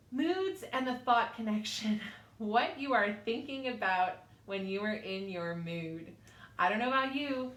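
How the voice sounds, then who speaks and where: A woman's voice: on the high side, pushed and bright, roomy sound. A woman instructor giving an online class lecture from a small studio, talking informally with fillers, personal asides and little laughs.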